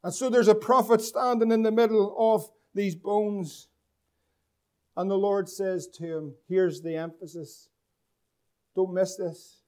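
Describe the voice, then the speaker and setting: A man's voice: high voice, fairly even intonation, measured pace, a little mellow. A man from preaching a sermon as pastor, asking the congregation questions and drawing out key words for emphasis.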